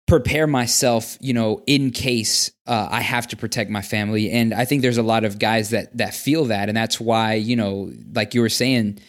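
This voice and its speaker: A man, a father, speaking in casual podcast chat, thoughtful and steady, with frequent fillers. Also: lowish voice.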